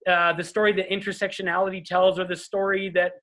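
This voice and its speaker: A man's voice: sits high, level tone, fast talker, pushed and bright. Earnest man, guest on a call. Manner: earnest, checks in with "right?". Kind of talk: casual conversation.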